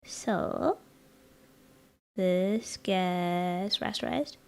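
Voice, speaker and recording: A woman's voice: on the low side, drawn-out words, vocal fry, darkish tone, clean tone. An American woman streaming live, chatting casually and playfully with her viewers while she works on a design. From United States. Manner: chatty, playful, teasing, rambling asides to chat.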